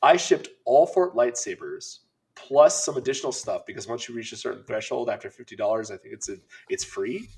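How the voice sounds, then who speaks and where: A middle-aged man co-hosting a podcast, telling an animated, laughing story in casual chat. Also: mid-range voice, brisk. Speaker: podcast co-host.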